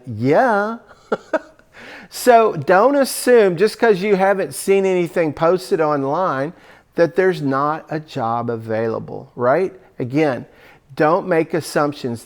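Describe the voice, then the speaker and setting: Guy coaching job hunters, kinda high gravelly voice, chatty, acts out calls. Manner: conversational, acts out sample phone calls. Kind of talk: coaching talk.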